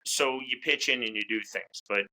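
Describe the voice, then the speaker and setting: A man talking as a guest in a casual interview, chatty and quick to restart his words. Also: mid-range voice, bright, forceful tone, poor audio. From United States. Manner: talkative, repeats words as he restarts. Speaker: fight commentator, interview guest.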